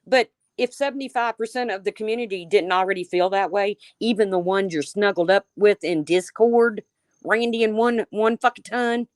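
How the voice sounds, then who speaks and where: A woman's voice: medium pitch, normal speed, no echo, clean studio sound. A woman hosting a livestream, ranting heatedly with lots of swearing and calling out chat viewers by name. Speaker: livestream host.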